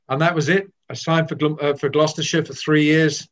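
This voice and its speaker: An older man from Wales telling candid stories of his cricket career, lively and with frequent restarts. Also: on the high side, normal speed, hardly any pauses. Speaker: former cricketer. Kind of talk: reminiscing storytelling.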